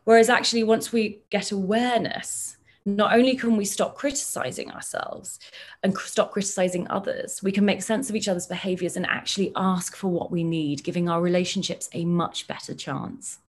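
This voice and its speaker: A woman clinical psychologist explaining ideas in a relaxed interview, measured and thoughtful, using everyday examples. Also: mid-range voice.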